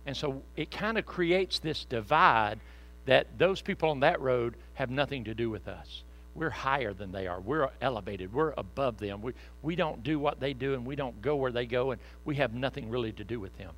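Forceful, folksy preacher man. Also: mid-range voice, lively intonation, normal speed, poor audio. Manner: folksy, conversational, joking asides. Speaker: pastor. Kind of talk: sermon.

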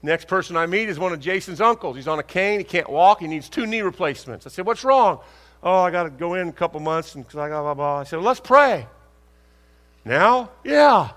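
A man preaching a sermon, telling stories and acting out conversations, asking rhetorical questions with lively emphasis. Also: sits high, a little fast. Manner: animated, acts out dialogue, rhetorical questions. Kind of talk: sermon with storytelling. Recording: long hall reverb.

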